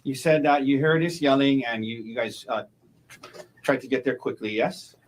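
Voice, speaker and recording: A man as a defense attorney cross-examining a witness in court, halting and repeating words, closing each point with a leading question. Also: mid-range voice, slight background noise, poor audio.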